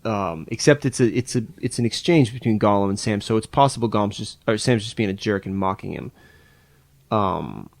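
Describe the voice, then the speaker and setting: Man, podcast co-host, lowish voice, rambling and self-correcting, dry close mic. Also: lively intonation, fairly quick, vocal fry, no echo. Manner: rambling, searching for words with many restarts. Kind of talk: casual chat.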